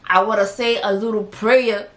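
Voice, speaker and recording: A woman's voice: medium pitch, fairly even intonation, normal speed, fairly bright tone. Chatty woman reviewer, roomy echo. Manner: chatty, opinionated, laughs often. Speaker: TV show reviewer. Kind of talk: casual recap commentary.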